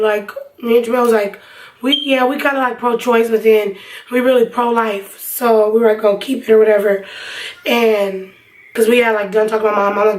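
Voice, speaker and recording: A woman's voice: on the high side, fairly even intonation, a little fast, distant mic, low-quality recording. A young woman vlogger telling a personal story in a casual, rambling way with lots of fillers. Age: young adult. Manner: chatty, rambling, many fillers.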